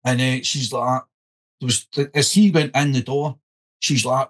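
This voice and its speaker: A man's voice: mid-range voice, unhurried. A Scottish man hosting a podcast, chatting casually and telling stories with lots of animation. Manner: animated storyteller, keeps saying "listen". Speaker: podcast host.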